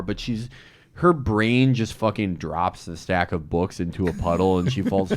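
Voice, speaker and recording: A man in casual podcast banter, sardonic and mocking, slipping into quick impressions. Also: low-pitched. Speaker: guest commentator.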